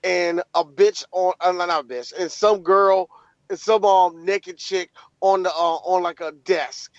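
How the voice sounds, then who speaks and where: A man's voice: high voice, fairly even intonation, a little slow, dry recording, dull audio. A man co-hosting a podcast in casual banter, riffing in a rowdy, profane way. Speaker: podcast co-host.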